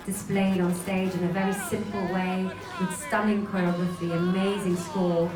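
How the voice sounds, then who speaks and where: A woman's voice: fairly low pitch, little pitch movement, moderate pace, few pauses. A woman interviewee talking enthusiastically and sometimes searching for words. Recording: roomy, distant, with music.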